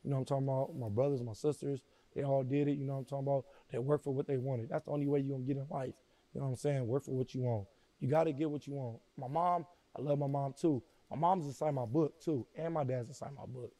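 Middle-aged guy, gravelly and dark, subdued, keeps going "you know what im saying". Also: medium pitch, fairly even intonation, fast, no echo. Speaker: interview guest. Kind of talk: personal storytelling in an interview.

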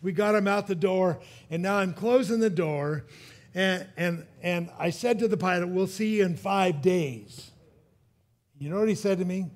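A man's voice: high-pitched, moderate pace. A male pastor preaching a sermon and telling a personal story, chuckling at his own jokes and often restarting his sentences.

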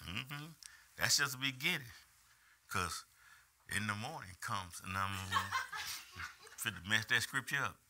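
An older man preaching a lively, colloquial sermon in a church, calling out to the congregation and repeating phrases for emphasis. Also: fairly low pitch, a little slow, long pauses, noisy background. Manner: animated preaching with call-and-response. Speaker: pastor. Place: church sanctuary.

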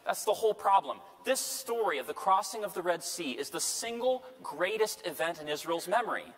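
A man's voice: high-pitched, expressive, moderate pace, fairly bright tone. Male priest lecturing in an echoey hall. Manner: conversational, checks in with "right?". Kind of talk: Bible study lecture. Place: parish lecture room. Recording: long hall reverb.

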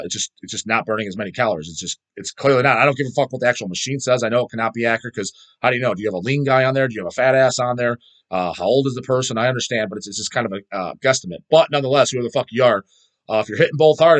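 Fast-talking, foul-mouthed man. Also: medium pitch. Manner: rambling, profane, swears constantly. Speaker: channel host answering viewer questions. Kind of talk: casual vlog chat.

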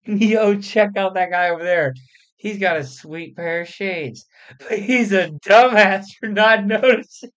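A man's voice: high voice, measured pace, a bit bright, muffled recording, pitched above the performer's own voice. A man doing a giddy boastful celebrity rapper. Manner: cheerful insulting swagger, breaking into laughter.

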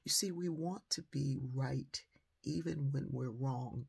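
An older woman giving a motivational talk as a storyteller, animated and acting out the voices of the people in her story. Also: extremely low pitch, slow, vocal fry, breathy edge. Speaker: motivational speaker.

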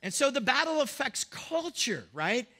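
A man preaching in a church in a loose, joking way, as if chatting with his listeners. His voice sits high and carries a bright, forceful edge. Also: big pitch swings. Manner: humorous, conversational preaching, acts out Bible characters in quick voices. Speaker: pastor. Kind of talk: sermon.

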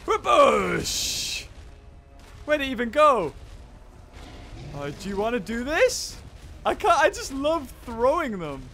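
A man hosting a gameplay video, with playful, excitable commentary, laughing and yelping at the action. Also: very high voice, takes it slowly, creaky, pauses often, soft background music. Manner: playful, laughs and yelps at the game. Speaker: gaming video host.

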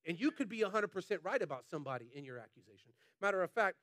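A man's voice: sits high, very animated, very fast, a bit bright. A man preaching a sermon as pastor, emphatic and colloquial, repeating lines for emphasis and addressing the congregation directly. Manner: passionate, emphatic preaching with repetition.

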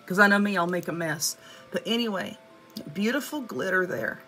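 A woman with a Southern US accent chatting excitedly to viewers as she unboxes nail art supplies, gushing over each item. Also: on the low side, moderate pace, soft background music. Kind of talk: casual unboxing chat.

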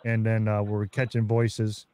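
A man being interviewed as a guest, excitedly retelling his field experiences in casual talk. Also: lowish voice, unhurried, background noise. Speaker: guest researcher.

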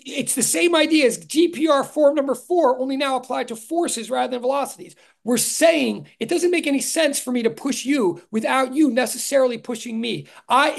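A man, a physics professor, giving an animated conceptual lecture to an online class, thinking aloud with frequent restarts and dry sarcastic asides. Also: extremely high pitch, gravelly. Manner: emphatic, stressing ideas with repeated "really".

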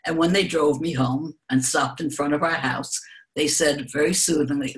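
An older woman answering interview questions, telling reflective personal stories in a gentle, unhurried way and laughing softly now and then. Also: low voice, steady tone. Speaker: guest speaker.

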